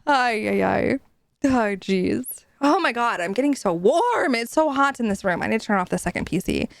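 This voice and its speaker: A young woman streaming from home, chatting casually with her chat, giggly, swearing often and animated. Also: on the high side, normal speed, no echo. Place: home room.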